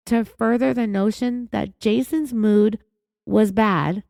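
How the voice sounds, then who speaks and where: A woman's voice: on the high side, vocal fry, a little mellow, no room sound. Sarcastic woman true-crime podcast host. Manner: sarcastic, indignant, blunt.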